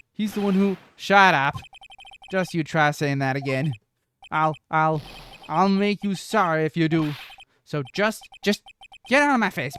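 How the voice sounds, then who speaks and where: A streamer voicing a brash, gruff male police detective in a game who keeps calling people "pal". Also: mid-range voice, slight background noise, lightly acted. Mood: blustering. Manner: gruff and blustery, says "pal". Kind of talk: voice acting while playing a game.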